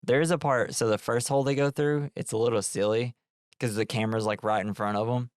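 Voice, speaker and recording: A man's voice: medium pitch, a little fast, dry recording, clean studio sound. A man co-hosting a podcast, recapping a film in casual chat and acting out quotes. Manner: animated storytelling with put-on quote voices.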